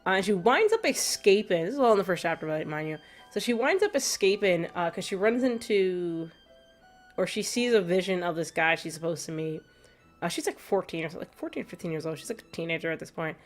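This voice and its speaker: A woman's voice: lowish voice, animated, a little fast. A woman streaming gameplay, chatting casually, laughing often and reading chat aloud. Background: faint background music.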